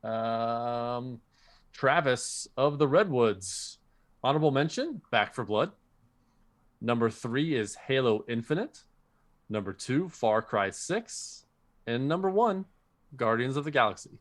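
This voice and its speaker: This man co-hosts a podcast and reads out listeners' picks in a relaxed, chatty way. His voice sits at an ordinary middle pitch. When he tells a story, he gets animated. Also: slow pace. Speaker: podcast co-host. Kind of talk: casual chat.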